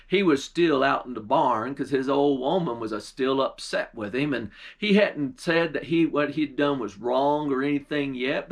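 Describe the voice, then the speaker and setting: A pastor telling a folk tale in a folksy, dialect-rich storytelling way. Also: male voice, medium pitch.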